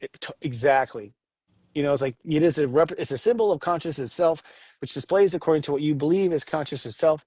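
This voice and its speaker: A man co-hosting a casual spiritual talk about astrology, animated and joking. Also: fairly quick, husky, dry recording. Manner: animated, jokes, acts out voices with big pitch jumps. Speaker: astrology show co-host.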